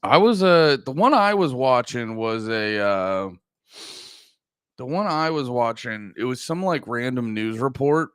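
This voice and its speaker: A man's voice: medium pitch, expressive, unhurried, clean tone, no echo, studio quality. A man in his thirties from the United States, hosting a casual livestream chat in a rambling, profane way with lots of fillers. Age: 30s. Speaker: livestream host.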